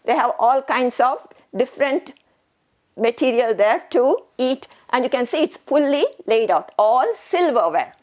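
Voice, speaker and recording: A woman's voice: sits high, expressive, measured pace, a little mellow. A woman teacher, explaining a story patiently, repeating herself and asking questions. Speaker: English teacher. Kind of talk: recorded classroom lesson.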